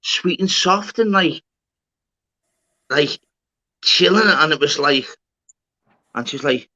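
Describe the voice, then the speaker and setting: A man's voice: a little high, slow pace, pauses often, bright, forceful tone, dull audio. A man hosting a live stream, telling stories animatedly in casual chat with plenty of swearing.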